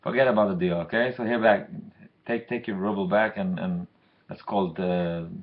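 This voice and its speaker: A man's voice: low-pitched, steady tone, normal speed, phone-quality sound, lightly acted. A man voicing a scornful male tavern keeper who mocks, then begs, in a told story. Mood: pleading. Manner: mocking, then begging.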